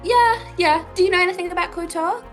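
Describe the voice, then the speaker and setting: A woman's voice: very high-pitched, quick pace, music in the background. A woman playing a tabletop game, bubbly and a little hesitant. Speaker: player. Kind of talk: casual tabletop play.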